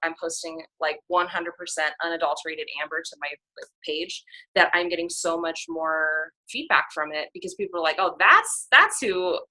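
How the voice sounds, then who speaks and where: A woman's voice: low-pitched, flat delivery, moderate pace, bright, forceful tone. A young woman coach talking casually on a team call, chatty and candid, with lots of fillers, a sarcastic streak and frequent laughs. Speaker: fitness coach.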